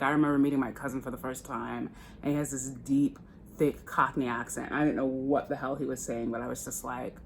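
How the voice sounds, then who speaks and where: A woman's voice: extremely low pitch, a little hiss or hum. An American woman chatting candidly while getting ready on camera, swearing casually. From United States. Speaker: beauty vlogger. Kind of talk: casual get-ready-with-me chat.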